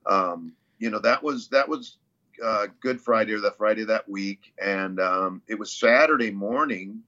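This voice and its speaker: Casual male guest, bright forceful tone, rambling storyteller, muffled lo-fi audio. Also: lowish voice, measured pace. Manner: rambling, many fillers and restarts. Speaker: interview guest, CrossFit athlete.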